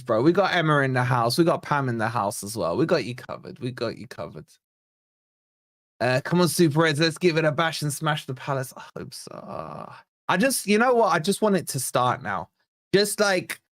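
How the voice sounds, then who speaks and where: A man's voice: a little high, dry recording, studio quality. A man hosting a live football fan stream, chatting and reading viewer comments aloud. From England. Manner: reads viewer chat aloud, chatty and excitable. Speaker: fan channel host. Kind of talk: live stream watch-along chat.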